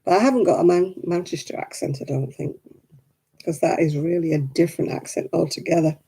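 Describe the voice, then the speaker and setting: Woman, northern English accent, crafting host, casual chat, laughs often, warm tone, husky. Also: on the low side, fairly quick. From Oldham, England.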